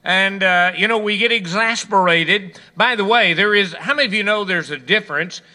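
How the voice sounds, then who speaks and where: Male preacher, sermon; bright, piercing tone, emphatic storytelling. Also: high voice.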